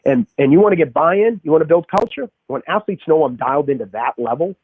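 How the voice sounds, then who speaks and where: A man's voice: a little high, animated, quick pace, few pauses, breathy edge, no room sound. A man with a Boston accent, a strength coach explaining his methods in an emphatic podcast interview, restarting often. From Boston area. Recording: tinny phone-like remote call.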